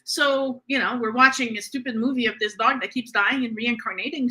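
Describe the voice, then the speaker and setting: A woman's voice: high voice, animated, fairly quick, few pauses, pushed and bright. A woman hosting a spiritual podcast, talking in an earnest, reassuring way with frequent fillers. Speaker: podcast host. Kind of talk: casual spiritual conversation.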